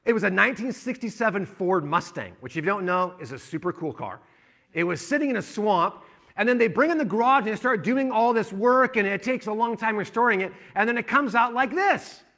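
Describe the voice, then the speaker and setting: Male pastor, bright forceful tone, slightly high, sermon storyteller. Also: expressive, brisk. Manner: storytelling, recounting a conversation, then rousing.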